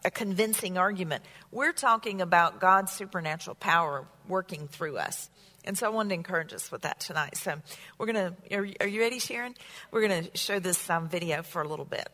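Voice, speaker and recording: A woman's voice: medium pitch, bright, forceful tone, big-room sound. A woman preacher giving an earnest, encouraging evening church message.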